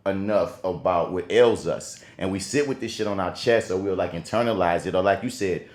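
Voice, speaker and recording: A man's voice: sits low, brisk. A man co-hosting a podcast in casual chat, telling stories with heavy slang and plenty of swearing. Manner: profane, emphatic slang-heavy storytelling. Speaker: podcast co-host. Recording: roomy echo.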